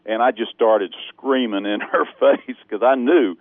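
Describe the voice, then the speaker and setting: Laughing caller on a tinny phone line. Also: male voice, mid-range voice, measured pace, no echo. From Texas. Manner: lively, laughs often, acts out shouting. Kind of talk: animated storytelling on a phone call. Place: phone call.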